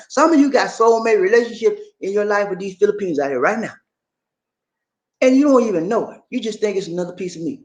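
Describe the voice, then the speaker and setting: A man's voice: high voice, fairly bright tone. A man giving relationship advice to camera in an emphatic, preachy way, repeating himself and often calling his listeners "man". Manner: emphatic, repetitive, keeps saying "man". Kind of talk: preachy motivational talk to camera.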